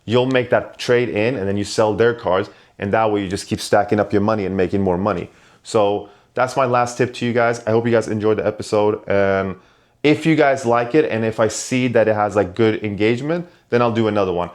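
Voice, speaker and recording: A man's voice: fairly low pitch, brisk. A man who collects and sells Pokemon cards, giving loose, conversational advice to his viewers and often restarting his sentences. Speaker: Pokemon card collector and vendor. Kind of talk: casual advice to camera.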